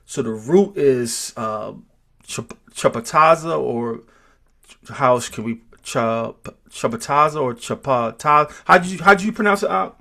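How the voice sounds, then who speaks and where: A man teaching an informal group class, talking slowly and thinking aloud, with many restarts and repeated words. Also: medium pitch, animated, gravelly, pushed and bright. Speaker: teacher of a Hebrew roots class.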